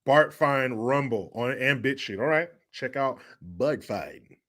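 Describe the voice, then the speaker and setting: Man, casual livestream host, loose and joking, reads chat, mid pitch. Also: lively intonation, slow, a bit bright.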